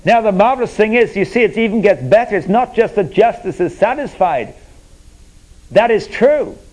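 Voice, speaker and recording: A man preaching a sermon, explaining with everyday stories and moving between emphatic points and quiet, earnest asides. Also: high-pitched, expressive, moderate pace, poor audio. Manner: conversational, illustrates with everyday stories.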